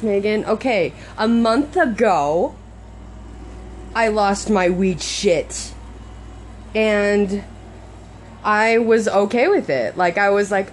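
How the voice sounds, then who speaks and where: A woman's voice: medium pitch, measured pace. A woman venting in a casual vlog at home, swearing often and talking to herself, recorded on a muffled-sounding phone. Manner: swears a lot, talks to herself, swings between frustrated and laughing. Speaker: vlogger. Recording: muffled phone audio, faint background noise.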